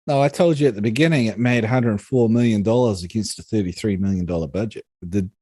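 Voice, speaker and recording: A man co-hosting a casual film review podcast, talking in an animated, exasperated way with plenty of swearing. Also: fairly low pitch, quick pace, no echo. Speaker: podcast co-host.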